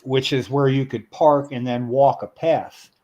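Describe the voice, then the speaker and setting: A middle-aged man spins a long, meandering story. He is full of "uh"s and restarts and gets animated in the telling. His pitch sits in an ordinary middle range. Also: measured pace, lo-fi sound. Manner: rambling, animated storyteller with many fillers. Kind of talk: casual storytelling chat.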